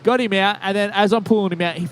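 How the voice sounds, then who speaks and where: A man's voice: high-pitched, steady tone, fast talker, slight background noise. A man co-hosting a podcast, telling long rambling stories in casual chat, swearing freely and laughing at his own tales. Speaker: podcast co-host.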